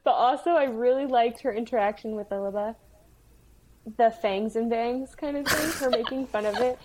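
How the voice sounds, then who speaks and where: A young woman with a slightly raised pitch chatting happily about her favorite author. She giggles often and leans on "like" as she gushes. The tone is relaxed and friendly. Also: normal speed, noisy background. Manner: giggly, effusive, says "like" a lot. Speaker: podcast co-host. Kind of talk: casual book-review chat.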